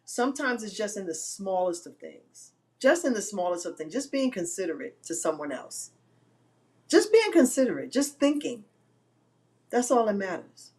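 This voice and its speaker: A woman hosts an inspirational live-stream talk. She tells her story in an animated, emphatic way and leans on repeated phrases. Her voice sits at a middle pitch. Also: moderate pace.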